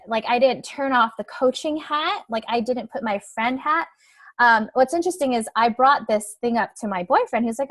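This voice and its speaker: A woman's voice: on the high side, a little fast, dry recording. A young adult woman coach giving a webinar talk in a conversational way, often tagging her points with "right?" and "like". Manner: conversational, frequent "right?" and "like" tags.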